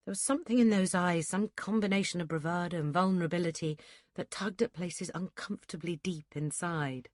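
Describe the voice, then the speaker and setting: With a lowish voice, this woman narrates an audiobook from a script, keeping her reading steady and measured. There's no echo, and the studio sound is clean.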